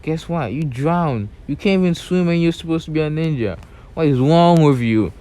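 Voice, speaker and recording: A man's voice: on the low side, moderate pace, a little mellow, natural voice. Cocky young male ninja, taunting, blunt, mocking, voiced by a young man.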